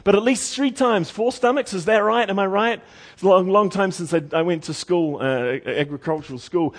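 A man preaching a sermon in a folksy way, repeating words and swinging from loud emphasis to hushed lines. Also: high voice. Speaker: pastor.

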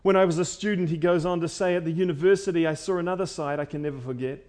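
A man. He swings between loud, ringing declarations and quiet, hushed lines, and repeats key phrases for weight. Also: fairly high pitch, fairly even intonation, fast. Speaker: preacher. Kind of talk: sermon.

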